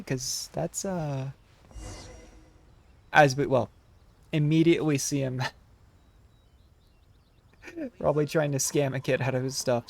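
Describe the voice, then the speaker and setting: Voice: mid-range voice, gravelly. A streamer giving casual, incredulous commentary while playing. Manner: incredulous, laughing asides. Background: game music.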